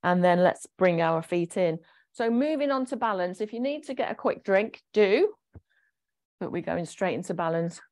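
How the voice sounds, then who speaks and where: A woman leading a gentle exercise class, chatty and encouraging as she explains each movement. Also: lowish voice, animated, normal speed. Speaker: fitness instructor.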